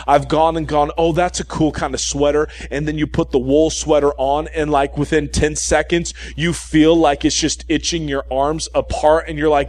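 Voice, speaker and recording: Animated preacher man, bright tone. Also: a little high, no room sound. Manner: animated, repeats key points and checks in with "okay?"; humorous storytelling asides. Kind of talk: sermon.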